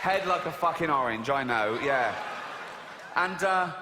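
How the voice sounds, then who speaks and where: A man's voice: fairly high pitch, animated, a little slow, big-room sound. A man doing a stand-up comedy routine on a theatre stage, sarcastic, incredulous and sweary. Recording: live stand-up with crowd laughter and noise. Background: audience laughter.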